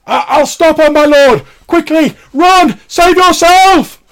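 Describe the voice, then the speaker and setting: A man voicing a frantic blind old vagrant man who shouts desperate pleas. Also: extremely high pitch, slow, pitched above the performer's own voice, heavily acted. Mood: frantic pleading. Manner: loud desperate pleading.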